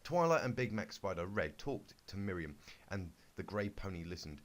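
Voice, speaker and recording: Sarcastic man reading aloud, lively pitch. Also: normal speed. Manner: sarcastic, exasperated asides, swearing. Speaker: fanfic reader. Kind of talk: comic dramatic reading.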